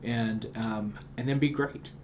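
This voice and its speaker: A man's voice: on the low side, steady tone, measured pace, darkish tone, slight background noise. A middle-aged man, an author being interviewed, telling earnest stories and often restarting sentences with repeated words. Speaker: author and guest. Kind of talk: reflective storytelling interview.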